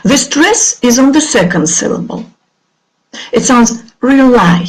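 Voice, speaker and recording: In a rough recording, a middle-aged woman with a Russian accent leads an online English class in a somewhat high, sing-song voice. She enunciates clearly, drills each word slowly and leaves room for her pupils to repeat.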